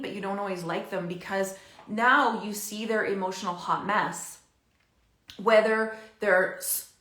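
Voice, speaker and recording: Bright-voiced woman coach in echoey room. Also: medium pitch. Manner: chatty, animated, laughs often, many fillers. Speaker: parenting coach. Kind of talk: casual advice talk to camera.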